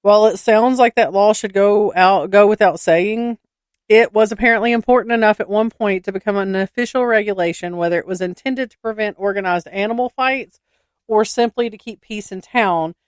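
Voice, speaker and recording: A woman's voice: medium pitch, a little fast, clean tone, no echo, clean studio sound. A woman co-hosting a podcast, telling anecdotes with giggles and reading odd state laws to listeners. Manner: giggly, storytelling, addresses listeners as y'all. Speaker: podcast co-host. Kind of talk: casual podcast chat.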